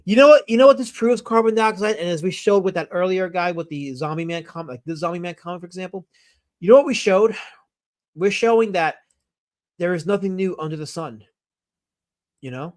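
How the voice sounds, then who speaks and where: A man's voice: high-pitched, a little fast. Chatty enthusiastic male streamer. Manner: rambling, enthusiastic, with frequent fillers and self-corrections. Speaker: streamer host. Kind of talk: casual live-stream chat reading viewer comments.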